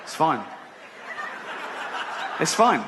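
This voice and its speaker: Brief: middle-aged English male comic, slightly high voice, self-mocking rambling, roomy live recording. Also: big pitch swings, very slow, noisy background. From England. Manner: rambling, self-deprecating, breaking into laughter. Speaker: stand-up comedian. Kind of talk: stand-up comedy routine. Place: theater stage with audience.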